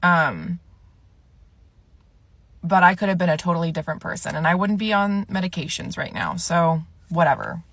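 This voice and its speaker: A woman speaking haltingly with many fillers in a personal social media video. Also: lowish voice, expressive, fairly bright tone.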